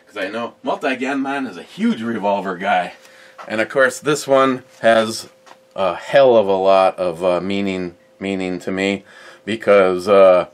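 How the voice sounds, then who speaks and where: A middle-aged man hosting a gun channel, chatting casually and rambling with many fillers and restarts. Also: on the low side. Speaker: host of a gun review channel. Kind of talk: casual chat about his collection.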